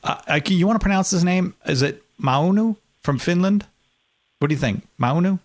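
A man's voice: sits high, lively intonation, a little fast. A man hosting a call-in radio show from home, playful and chatty. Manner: playful, chatty, laughing easily.

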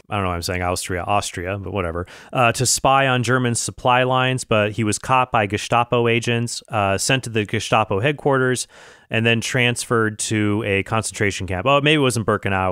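Man, commentator, smooth dry close voice, casual and thoughtful. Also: medium pitch, fairly bright tone, no room sound. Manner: thoughtful, with fillers and self-corrections. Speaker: commentator reviewing a film.

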